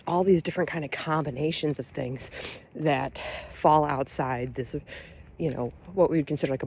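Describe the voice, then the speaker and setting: A woman's voice: sits low, darkish tone, husky. A woman with a Southern US accent talking straight to camera in a casual rant, laughing often, blunt and profane, with sudden bursts of emphasis. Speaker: LGBTQ resource center director and Army veteran.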